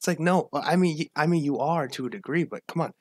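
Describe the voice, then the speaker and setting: A man's voice: on the high side, quick pace, no echo, clean studio sound. A man hosting a casual livestream, rambling with repeats and restarts and greeting viewers from the chat. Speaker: livestream host.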